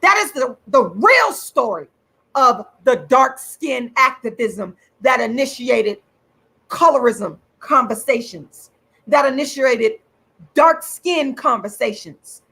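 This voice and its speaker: A woman delivers a furious rant to her channel's viewers, her husky voice bright and high. She swings widely in pitch, repeats herself and stretches words out for emphasis. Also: expressive, poor audio. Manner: furious, repetitive, swearing, drawn-out emphatic words. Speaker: channel host. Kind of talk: angry direct-to-camera rant.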